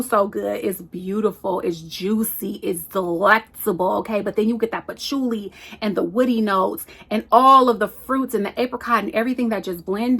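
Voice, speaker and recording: A woman reviews perfumes in a casual chat. Her voice sits a touch high, and she is sassy and playful, teasing her viewers with "y'all" and "girl". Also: fairly bright tone. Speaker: perfume vlogger.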